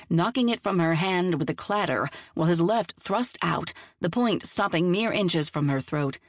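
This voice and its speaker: Audiobook narrator, female, low and dry, measured storytelling. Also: no room sound. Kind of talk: scripted narration of a novel.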